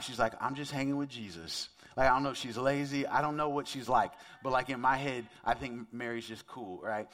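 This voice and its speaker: A pastor preaches a sermon in a casual, conversational style, often putting questions to his listeners. His voice sits at a medium pitch with a fairly bright tone.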